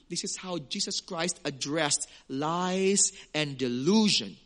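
A male preacher with a high, bright, forceful voice delivers a sermon. He talks in an animated way, acting out small scenes with quoted voices. He slows right down to stress the key words. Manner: emphatic, stretches key words slowly. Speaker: pastor.

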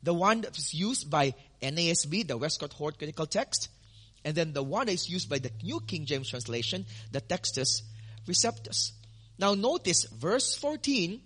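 A man's voice: a little high, big pitch swings, normal speed, a bit bright, breathy edge. A male pastor teaching a sermon in an earnest way, repeating words for emphasis with frequent ums and restarts.

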